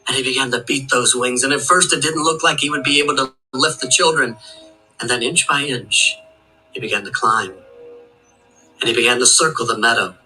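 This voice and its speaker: A man telling a folk tale aloud, with a steady rhythm that links each line with "and". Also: mid-range voice, brisk, faint music behind, poor audio. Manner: rhythmic, with long chains of "and". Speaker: storyteller.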